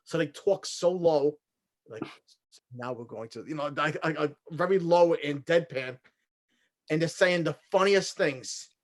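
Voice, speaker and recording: A man with a slightly high voice talks hesitantly on a casual podcast. He stops and restarts a lot, filling the gaps as he works his way through a description. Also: a little slow. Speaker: podcast co-host. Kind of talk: casual comedy chat.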